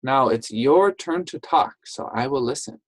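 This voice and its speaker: A woman teaching a phonics lesson to young English learners, saying each word slowly and clearly and praising the children. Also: very deep voice, animated, dry recording, rough recording. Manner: slow, clearly enunciated, encouraging classroom talk.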